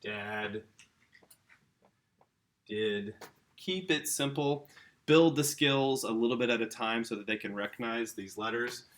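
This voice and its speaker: Bright-voiced enthusiastic male teacher. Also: medium pitch, measured pace, long pauses. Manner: enthusiastic, chatty, addresses the kids directly. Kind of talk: informal home-school lesson.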